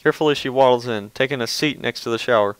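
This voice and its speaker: A man's voice: medium pitch, fast talker, smooth, dry recording, low-quality recording. A man reading fan fiction aloud, often stumbling over words and breaking off into casual, offhand asides. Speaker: reader.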